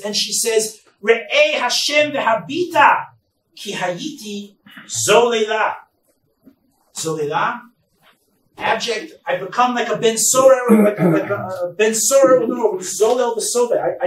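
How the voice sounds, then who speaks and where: A rabbi giving a Bible lecture at a conference, emphatic, with loud stresses and quiet asides. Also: male voice, high voice. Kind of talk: Torah lecture. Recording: echoey hall, distant mic, faint noise.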